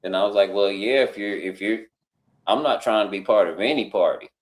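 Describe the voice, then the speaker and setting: Speaking briskly in a lowish voice, a man on a live talk stream spins a long, casual story. He changes his voice to play the other people involved, and the sound has a roomy echo.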